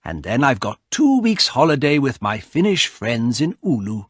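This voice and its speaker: A man reading a story aloud and voicing the thoughts of a quiet, fussy middle-aged man, slightly raised from his own voice. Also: mid-range voice, big pitch swings, moderate pace, slightly rough, dry recording, studio quality. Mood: content. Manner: mild, slightly irritated inner voice.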